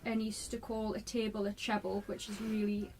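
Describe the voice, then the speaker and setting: A woman's voice: mid-range voice, monotone, brisk, dark tone, slight background noise. A young woman from North East England with a mild regional accent, chatting thoughtfully in an interview. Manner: chatty, thoughtful, a few ums. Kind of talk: casual interview answers.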